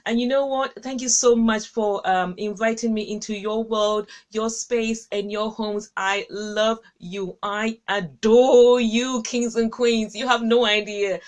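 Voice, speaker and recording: A woman hosting a live stream, chatting casually with viewers in an effusive, affectionate way, laughing often and leaping up in pitch. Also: fairly even intonation, unhurried, hardly any pauses. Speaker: host of a live-streamed encouragement session.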